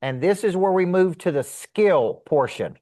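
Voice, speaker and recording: A man's voice: high-pitched, unhurried, dry recording, clean studio sound. Emphatic man coaching a seminar. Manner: energetic, emphatic, rhetorical questions. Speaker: sales coach. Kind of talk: live seminar teaching. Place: room with a live audience.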